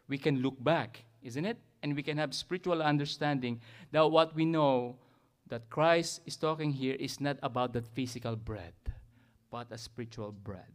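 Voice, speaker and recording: A man with a Filipino accent preaching a sermon as pastor, animated and often tagging remarks with "isn't it?" and "amen?". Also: a little high.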